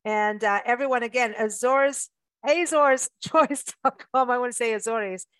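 A woman's voice: fairly high pitch, moderate pace, a bit bright, no room sound. Chatty, laughing woman host. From South Africa. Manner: chatty, laughing, with playful asides. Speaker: radio show host. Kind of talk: casual chat.

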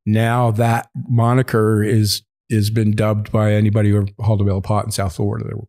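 A man's voice: lowish voice, completely flat delivery, fairly quick, darkish tone. Profane rambling male storyteller. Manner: rambling, profane, laughs mid-sentence. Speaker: podcast guest. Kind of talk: casual storytelling.

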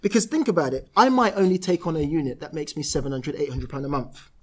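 A man with a British accent, a guest on a podcast interview, telling lively stories about his work and voicing other people in quotes. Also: a little high, quick pace. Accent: British English. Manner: animated storyteller, voices others in quotes. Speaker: property entrepreneur guest.

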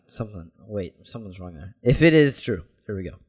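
A man's voice: on the low side, expressive, brisk, darkish tone, husky. A young man co-hosting a podcast in casual chat, laughing often and hesitating, repeating his words. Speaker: podcast co-host.

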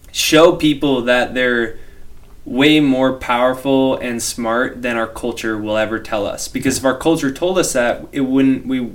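A young man chats as a guest author on a podcast. He sounds earnest but laid-back, and his voice sits at a middle pitch. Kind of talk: casual interview chat.

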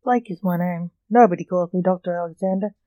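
A woman's voice: fairly low pitch, fairly quick, no echo, dull audio, natural voice. A woman reading the lines of a curt, irritable male coroner in a story. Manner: curt and snappish.

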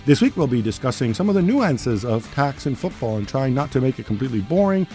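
A man's voice: medium pitch, sing-song, brisk, mellow, faint music behind. A man hosting a football podcast in a studio, playing devil's advocate with a dry, sarcastic edge. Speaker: podcast host.

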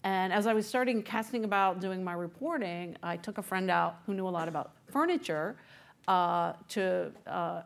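A woman author and journalist recounting how she found a story, chatty and animated, with many fillers. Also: medium pitch, creaky. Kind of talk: conversational storytelling interview.

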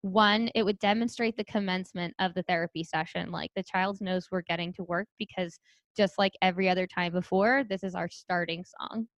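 A woman speech therapist co-hosting a podcast, talking in a chatty, animated way with lots of "like". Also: fairly low pitch, dry recording, dull audio. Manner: chatty, quick and animated, filler-heavy. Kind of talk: casual chat.

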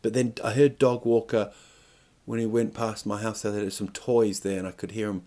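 A man's voice: on the low side, level tone, moderate pace, mellow. Guy rambling on his podcast, jokey, keeps restarting his sentences, swears loads. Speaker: podcast host. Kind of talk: rambling comedic monologue.

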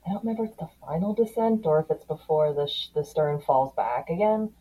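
A woman hosting a casual podcast chat, thoughtful and animated as she talks. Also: low-pitched, a little fast, breathy edge, low-quality recording. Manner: animated, thoughtful, occasional laughs. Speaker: podcast host.

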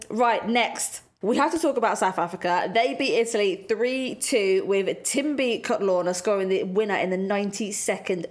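A woman co-hosting a casual football podcast, chatty and full of fillers, swearing now and then. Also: medium pitch. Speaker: podcast co-host.

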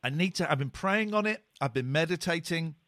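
A man's voice: fairly high pitch, lively intonation, a little fast, a bit bright, no room sound, studio quality. A man co-hosting a podcast, talking in a casual, emotional and upset way. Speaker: podcast co-host. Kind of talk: casual chat.

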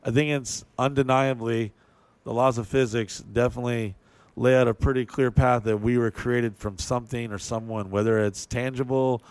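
A man's voice: mid-range voice, steady tone, moderate pace, darkish tone, smooth, no echo. Profane, rambling man on a podcast. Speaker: podcast host. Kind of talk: casual chat.

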